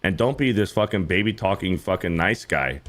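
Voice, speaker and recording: A man's voice: animated, normal speed, a bit bright. Blunt, profane man hosting a podcast. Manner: blunt, profane, mimics others in high mocking voices. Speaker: podcast host. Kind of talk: casual podcast chat.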